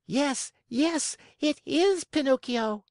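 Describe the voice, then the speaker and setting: A man voicing a chorus of small excited wooden marionettes, shouting shrilly in an audiobook reading. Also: high voice, a little slow, gravelly, no echo, studio quality, voice pushed up, exaggerated voice.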